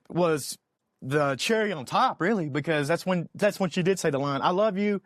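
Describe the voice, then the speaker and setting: A man co-hosting a podcast in casual chat, expressive and often repeating words. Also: a little high, dry recording, studio quality. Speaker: podcast co-host.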